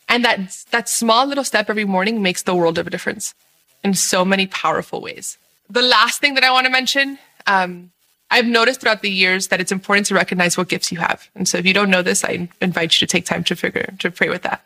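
Woman, bright and forceful voice, bubbly and earnest, faith reflection vlog. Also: medium pitch, fast talker, low-quality recording. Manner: bubbly and earnest, laughs often.

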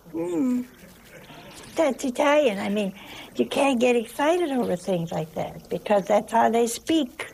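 A woman giving a folksy sermon, telling humorous stories and dropping to hushed asides for emphasis. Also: on the high side, expressive, measured pace, vocal fry, husky. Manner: humorous storytelling. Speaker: religious teacher.

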